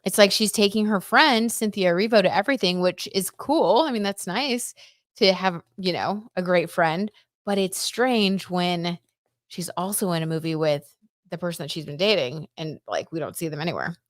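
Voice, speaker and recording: A woman in a chatty, casual tarot livestream, her voice low for a woman. She talks loosely, dotting her speech with "like" and "I don't know". The sound is dry and close to the mic. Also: moderate pace, dry recording. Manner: chatty, reads viewer comments aloud, frequent "like" and "I don't know". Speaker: tarot reader and livestream host.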